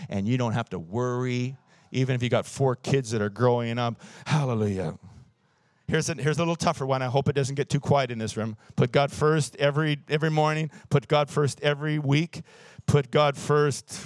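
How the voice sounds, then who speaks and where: A man's voice: medium pitch, no echo, studio quality. A man around sixty, preaching a sermon in church and telling stories with emphasis, often chuckling at his own jokes. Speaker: pastor.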